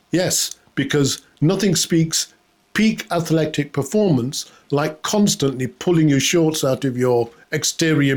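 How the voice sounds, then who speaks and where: A man delivering a satirical comedy monologue in a sarcastic, mock-outraged way, often laughing at his own jokes. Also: medium pitch. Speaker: comedy host.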